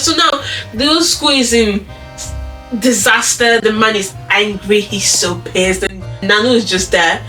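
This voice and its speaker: A woman's voice: mid-range voice, measured pace, pushed and bright, recorded from a distance, poor audio. A woman vlogger recaps an episode in a casual, chatty way, filling her sentences with little fillers. Her voice comes from some way off the mic, and faint music plays underneath.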